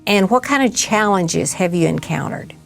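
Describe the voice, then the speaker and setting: A woman hosts a faith interview program, reacting to her guest and asking follow-up questions. Her mid-pitched voice has a gravelly fry, with faint music underneath. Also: expressive, normal speed. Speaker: host. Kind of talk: interview talk show.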